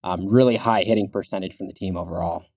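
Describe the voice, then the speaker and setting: A man co-hosting a sports podcast in a relaxed, casual chat, with plenty of fillers. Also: low voice, fast talker, no room sound. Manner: relaxed, filler-heavy, chuckles now and then. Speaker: podcast co-host.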